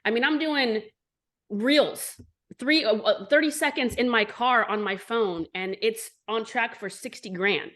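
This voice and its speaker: Blunt, animated businesswoman in her forties. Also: a little high, measured pace. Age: 40s. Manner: blunt, profane, animated storytelling. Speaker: entrepreneur guest. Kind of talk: candid storytelling interview.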